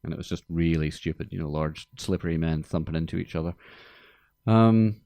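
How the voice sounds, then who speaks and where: Deep gravelly podcast host with dry humor. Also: male voice, fairly quick, no echo. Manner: dry, deadpan joking. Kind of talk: casual podcast chat. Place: studio.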